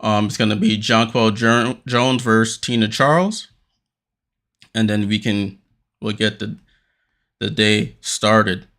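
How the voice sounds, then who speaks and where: A man hosting a watchalong stream, giving casual play-by-play commentary, a little out of breath and getting more energetic on big plays. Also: lowish voice, slow, pauses often. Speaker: watchalong host.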